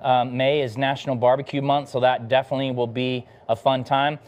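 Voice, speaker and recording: Laid-back pitmaster, eating on air. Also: male voice, mid-range voice, little pitch movement, a little fast, a little mellow. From Texas. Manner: laid-back and enthusiastic, talking between bites. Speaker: barbecue pitmaster hosting a cooking livestream. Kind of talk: casual live cooking demo chat.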